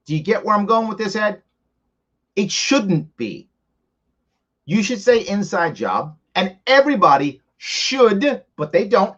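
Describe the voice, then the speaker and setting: A man's voice: sits high, fairly bright tone. A man hosting a live ask-me-anything stream, arguing his points in a conversational way and working through examples. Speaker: host answering live viewer questions. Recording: slightly dull lo-fi stream audio.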